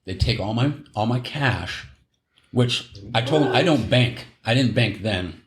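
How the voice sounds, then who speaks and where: On his podcast, a middle-aged host tells a long story in a casual chat, wandering off track, fixing his own mistakes and chuckling at the tale. He speaks in a mid-range voice, animated but unhurried, and the room gives the audio a noticeable echo.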